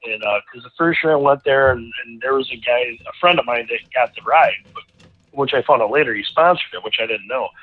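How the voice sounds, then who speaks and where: Male guest, chatty rambling storyteller, mid-pitched, phone-quality audio. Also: brisk. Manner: rambling, animated storyteller with many restarts. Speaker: racing driver guest. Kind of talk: casual storytelling interview. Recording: tinny phone-like line.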